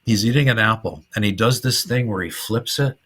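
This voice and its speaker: A middle-aged man hosts a podcast and retells old comedy scenes with relish, often breaking into laughter. His voice sits fairly low but sounds bright and forward, with a husky grain. He talks in a loose, chatty way. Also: a little fast. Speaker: podcast host. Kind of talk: casual film discussion.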